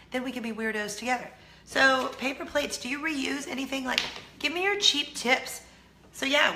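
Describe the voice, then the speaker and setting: A bright, forward-sounding woman with a slight Southern drawl, chatting to her viewers with a voice roughened by a lingering cold. She is self-mocking and laughs easily, and the room around her echoes a little. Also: fairly high pitch, a little hiss or hum. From California. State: hoarse from a cold. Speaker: vlog host. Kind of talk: casual chat to camera.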